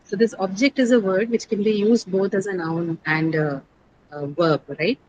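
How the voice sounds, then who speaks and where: A woman's voice: medium pitch, steady tone, normal speed, darkish tone, slight background noise, rough recording. Woman teaching an online class. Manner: explanatory, quizzes students, frequent "right?" checks. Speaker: English teacher. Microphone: video call.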